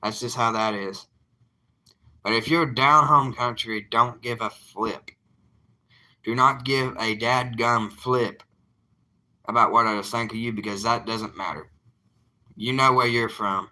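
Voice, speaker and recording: A man's voice: fairly low pitch, moderate pace, sharp tone. A young man, an evangelist talking casually to his livestream viewers in an earnest, plainspoken, defiant way.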